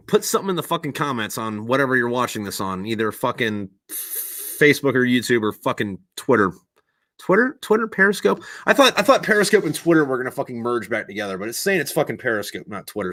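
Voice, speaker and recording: A man hosts a livestream on his own, rambling loosely and swearing almost every other word, sometimes working himself up into a loud rant. His voice has a bright, sharp edge, and the sound is dry and close with no room behind it. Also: mid-range voice, no echo. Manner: rambling, heavily profane, swears constantly; gets loud and ranting when worked up. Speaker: podcast host. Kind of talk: casual livestream chat.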